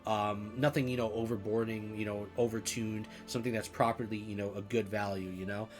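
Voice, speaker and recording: A man with a fairly low voice talks casually to his viewers in long, looping sentences. He leans hard on "you know" and often restarts mid-thought. Soft music plays faintly underneath. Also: flat delivery, a little fast. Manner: rambling, heavy use of "you know", restarts. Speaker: gaming video creator. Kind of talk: casual commentary to camera.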